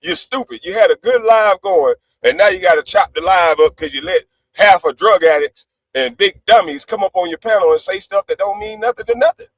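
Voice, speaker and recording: A high-pitched man rants brashly, swearing freely and switching from loud outbursts to low asides. His voice sits close and dry, with no room around it. It sounds like a heated livestream call-in. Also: brisk, hardly any pauses, dry recording, low-quality recording. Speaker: panelist on a live stream.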